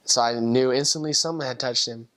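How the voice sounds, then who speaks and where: A man, a former missionary, telling a personal faith story in an earnest, heartfelt, halting way. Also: mid-range voice, fairly bright tone.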